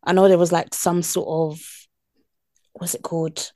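A woman, co-hosting a podcast in casual chat, easygoing and quick to agree. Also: fairly low pitch, flat delivery, darkish tone, dry recording, clean studio sound. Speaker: podcast co-host.

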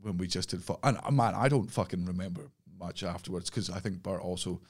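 Scottish man, sweary and animated. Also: deep voice, brisk. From Scotland. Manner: sweary, animated storytelling with put-on voices. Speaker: podcast guest. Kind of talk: casual chat.

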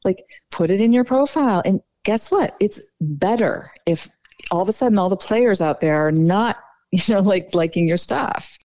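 A woman dating coach chats freely in an interview, her speech full of "like" and "you know." The sound is dry and close, with no room echo. Her pitch sits in the middle range for a woman. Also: normal speed. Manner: chatty, animated, lots of "like" and "you know". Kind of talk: casual podcast interview.

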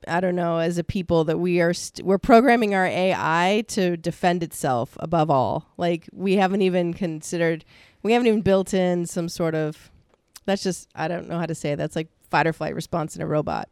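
Smooth-voiced rambling woman co-host. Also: on the low side, brisk, a little mellow, no echo, clean studio sound. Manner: rambling, self-deprecating, searches for words. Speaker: podcast co-host. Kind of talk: casual podcast chat.

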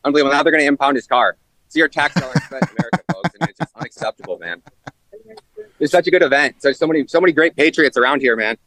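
A man's voice: on the high side, lively intonation, very fast, fairly bright tone, rough recording. A man reporting live on a stream, indignant and rallying his viewers.

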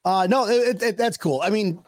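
Man, podcast host, high voice, dry close sound, joking, rambling. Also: brisk, no room sound. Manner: joking, rambling, laughs often. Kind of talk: casual chat.

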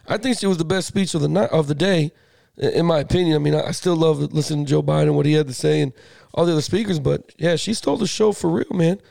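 A man co-hosting a casual sports podcast, animated, swearing freely and tripping over his words. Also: on the high side, quick pace, gravelly, dry recording, clean studio sound. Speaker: podcast co-host.

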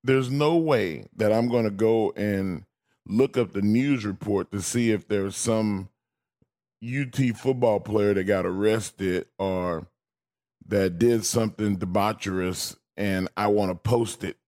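Man, radio co-host, lowish voice, wry playful storytelling. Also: slow, darkish tone. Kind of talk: casual sports radio chat.

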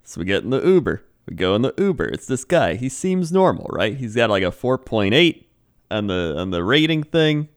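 A man's voice: mid-range voice, big pitch swings, normal speed. A young man co-hosting a casual podcast, telling stories in a laid-back way and laughing easily. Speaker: podcast co-host. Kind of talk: casual chat, storytelling.

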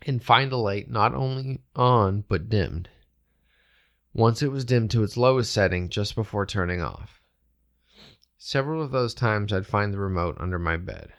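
Low gravelly man reading a ghost story. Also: moderate pace. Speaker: podcast host reading a listener story. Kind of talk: reading a ghost story aloud, casual chat.

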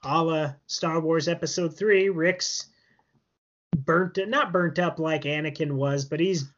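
A man's voice: fairly high pitch, steady tone, slow pace, fairly bright tone. A man co-hosting a podcast, casually recapping a TV episode in a rambling way full of fillers. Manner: rambling, filler-heavy storytelling with laughs. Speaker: podcast co-host. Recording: dull lo-fi podcast audio.

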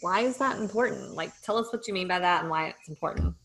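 Woman host asking a guest questions, lowish voice, curious and conversational. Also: quick pace, fairly bright tone, a little hiss or hum, poor audio. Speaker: podcast host. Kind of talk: interview questions.

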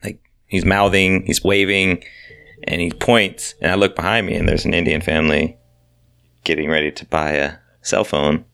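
A man's voice: low-pitched, flat delivery, normal speed, creaky, fairly bright tone, no echo, clean studio sound. A man co-hosting a podcast, chatting casually and telling a story, often trailing off and restarting. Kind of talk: casual conversation.

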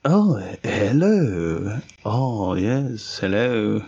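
A man voicing a rural French villager with a French accent, boasting politely and haltingly about his cow and his bread. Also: lowish voice, sing-song, a little mellow, breathy edge, heavily acted. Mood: boastful. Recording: lo-fi podcast audio.

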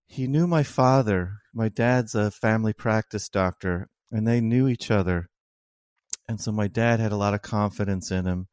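A middle-aged man, an oncologist, telling a personal story as an interview guest, slow and halting with many restarts. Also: fairly low pitch, darkish tone, clean tone, no room sound, clean studio sound. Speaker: oncologist and author.

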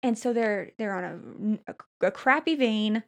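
A woman in casual conversation, animatedly recounting a painful hospital night with many fillers and restarts. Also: medium pitch. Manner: animated storytelling, frequent fillers and restarts, quick laughs. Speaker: storyteller recounting a hospital stay. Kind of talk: casual chat.

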